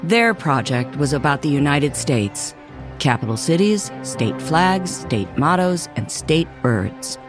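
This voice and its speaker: Slow, expressive male storybook narrator. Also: on the high side, over music. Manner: expressive, measured. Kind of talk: scripted children's story narration.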